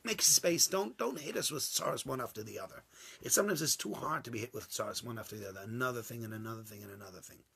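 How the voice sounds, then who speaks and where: A man giving an informal Torah class to a small group, acting out the dialogue and swinging from loud bursts to hushed asides. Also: mid-range voice, gravelly, slightly rough. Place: small warm room with a few listeners.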